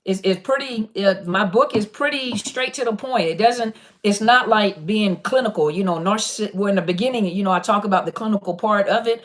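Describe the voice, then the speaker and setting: A woman's voice: mid-range voice, fairly quick, few pauses. A woman hosts a live-stream Q&A from her webcam. She talks casually and animatedly to viewers, often repeating "listen" to get their attention. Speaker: online coach on narcissist abuse, live Q&A host.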